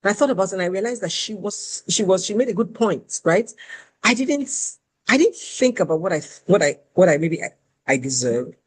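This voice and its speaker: Animated woman telling a story. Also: mid-range voice, moderate pace, husky. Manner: candid, animated, self-deprecating. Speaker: host. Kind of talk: conversational storytelling.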